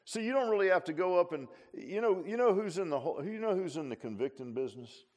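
A man preaching in a relaxed, talky way, circling back on his own words and slipping in small jokes. His voice sits a touch higher than most men's. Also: quick pace. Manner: folksy, repeats and restarts phrases, humorous asides. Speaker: pastor. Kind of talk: conversational sermon.

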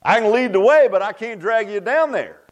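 A man's voice: high voice, lively intonation, normal speed, lo-fi sound. Folksy, emphatic preacher man. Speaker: pastor. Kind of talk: sermon.

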